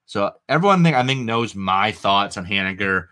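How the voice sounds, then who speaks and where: A man's voice: on the low side, moderate pace. A man with a New England accent co-hosting a baseball podcast, rattling off stats in casual, rambling chat. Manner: animated, stat-heavy, rambling with fillers. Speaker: fantasy baseball podcast co-host.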